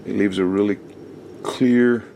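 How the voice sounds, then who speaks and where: A craft channel host with a fairly low, dark voice marked by vocal fry talks unhurriedly and steadily during a casual how-to. He chats and rambles with many ums and uhs while working, drifting nearer and farther from the camera mic. A faint hiss or hum runs underneath.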